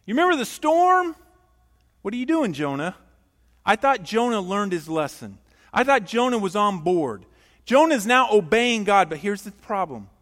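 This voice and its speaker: Animated high-voiced male preacher. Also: normal speed, long reverb tail. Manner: animated, emphatic, rhetorical questions to the congregation. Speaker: pastor. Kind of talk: sermon.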